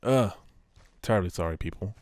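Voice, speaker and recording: A man's voice: low-pitched, brisk, a little mellow, no room sound. A man giving casual let's-play commentary while sleepy and yawning, rambling and swearing freely. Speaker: gameplay commentator.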